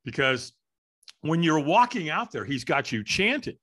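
A middle-aged man telling a story as an interview guest, lively and acting out the voices of people in it. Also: fairly high pitch, moderate pace. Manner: animated, acts out voices in his story. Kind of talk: storytelling in conversation.

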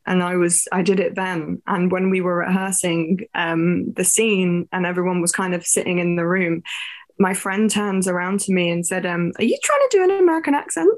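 Young English actress, podcast guest, chatty and giggly. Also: female voice, fairly low pitch. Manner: chatty, laughs often, many fillers. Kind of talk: casual podcast chat.

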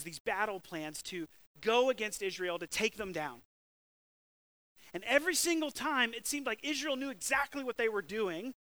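Animated high-voiced preaching man. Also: no room sound, poor audio. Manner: animated preacher, swings from loud bursts to hushed scripture reading. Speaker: pastor. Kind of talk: sermon.

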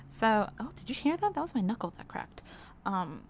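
A young woman talking candidly in a personal vlog, rambling a little, with frequent "like"s and soft laughs. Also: medium pitch, expressive, moderate pace, a little hiss or hum. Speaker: vlogger.

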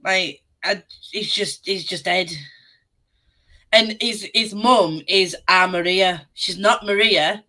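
A woman from the UK co-hosting a podcast, chatting in a lively way and swearing casually. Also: mid-range voice, takes it slowly, poor audio. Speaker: podcast co-host. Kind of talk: casual chat.

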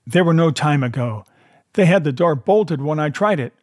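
A man's voice: fairly high pitch, expressive, normal speed, a little mellow, no room sound, clean studio sound, pitched above the performer's own voice, close to an everyday voice. A man voicing a furious blind old male pirate beggar who barks commands and curses in a storybook reading. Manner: barking commands, cursing.

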